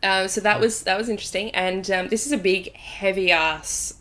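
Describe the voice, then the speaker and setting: A woman with a mid-range voice hosts a podcast, chatting casually and telling a story packed with fillers. Her intonation stays fairly even at a normal speed, and her tone is bright and forceful.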